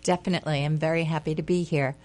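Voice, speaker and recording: A woman's voice: sits low, fairly even intonation, quick pace, a little mellow. A woman being interviewed as a guest on a radio talk show, answering in an easygoing way. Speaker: guest, independent producer.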